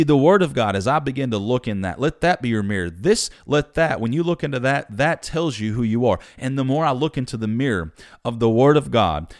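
A man's voice: mid-range voice, no room sound, studio quality. A man preaching a sermon in a conversational, emphatic storytelling manner.

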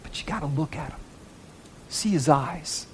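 A man preaching a sermon in church, swinging from hushed, whispered lines to loud, high, fervent reading of scripture. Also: lively intonation, normal speed, slight background noise. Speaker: pastor.

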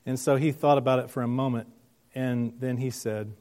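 Male pastor, earnest sermon delivery, mid-pitched, deliberate. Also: steady tone, darkish tone. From United States. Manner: earnest, slows down for emphasis.

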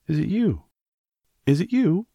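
A man's voice: low voice, sing-song, normal speed, darkish tone, breathy edge, no room sound, studio quality, exaggerated voice. A man doing a prim lonely little girl. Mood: wondering.

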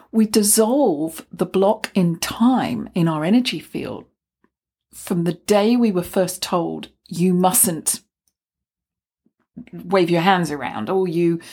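Middle aged woman, soft airy voice, mid pitch, musing gently about self-acceptance. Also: breathy edge. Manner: gentle, musing, with acted-out asides. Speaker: self-development speaker. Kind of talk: reflective spoken talk.

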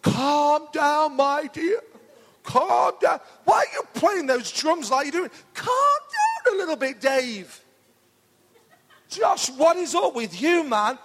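A man doing a comic impression of a scolding older man who keeps telling people to calm down, shouting and laughing. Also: very high voice, takes it slowly, full character voice. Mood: mocking. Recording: reverberant church hall.

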